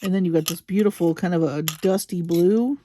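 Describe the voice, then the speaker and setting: A woman hosting a crafting video, gushing slowly and admiringly over beads with soft exclamations as she unboxes them. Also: fairly low pitch, slight background noise. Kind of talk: unboxing commentary.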